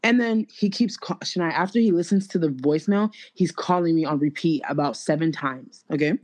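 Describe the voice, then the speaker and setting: A young woman, hosting a podcast and telling a story to a friend in a casual, animated, slangy way, full of "like". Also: deep voice, fairly quick. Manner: animated and slangy, filler-heavy with lots of "like". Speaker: podcast host.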